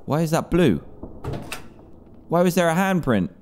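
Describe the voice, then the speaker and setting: Gaming host, young man, jumpy horror commentary, very lively pitch. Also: a little slow, slight background noise. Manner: excitable, jumpy, yelps and panics at scares. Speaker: gaming YouTuber.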